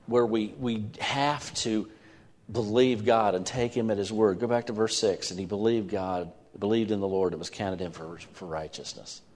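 A man's voice: fairly low pitch, fairly even intonation, moderate pace, a little mellow. A man preaching a sermon in a church, earnest and emphatic, often repeating words as he starts a phrase. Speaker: pastor.

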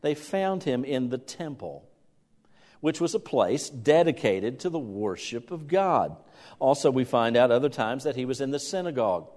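A man's voice: medium pitch, lively intonation, moderate pace, darkish tone. A middle-aged man preaching a sermon, talking conversationally and acting out the voices of worried parents. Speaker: pastor. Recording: long reverb of a church hall.

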